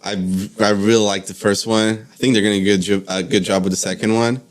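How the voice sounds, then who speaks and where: A man's voice: on the low side, flat delivery, fast talker. A man co-hosting a podcast in casual chat, hesitant, often repeating words and saying "like". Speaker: podcast co-host.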